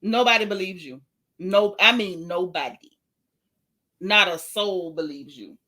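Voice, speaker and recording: A woman's voice: on the low side, unhurried, bright, forceful tone. A woman hosting a gossip vlog in casual chat, reading viewer comments aloud and answering them with sassy, blunt, teasing remarks.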